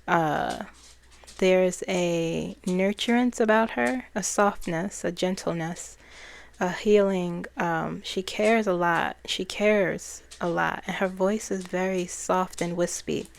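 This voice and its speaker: A woman who is a spiritual channeler, talking in a soft-spoken, reflective way and laughing often. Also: fairly low pitch, fairly even intonation, slow pace, creaky. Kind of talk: casual spiritual talk.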